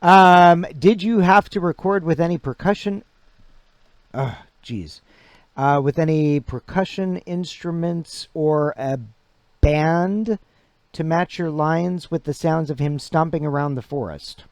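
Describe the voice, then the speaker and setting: A man hosting a casual livestream interview, halting, with many restarts and fillers. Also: a little high, dry recording. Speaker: livestream host.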